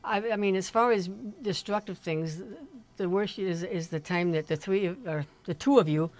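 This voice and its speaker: A middle-aged woman, a mother chatting casually on a livestream, halting and often restarting her sentences. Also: lowish voice, a little mellow. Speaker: streamer's mother, guest. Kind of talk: casual family chat on a livestream.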